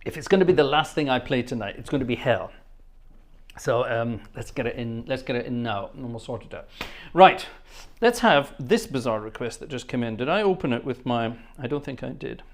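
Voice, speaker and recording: Guy rambling on his livestream, chatty, keeps laughing and thanking people, mid pitch, home setup. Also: lively intonation, brisk. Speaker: livestream host and organist. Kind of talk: casual livestream chat. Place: home studio.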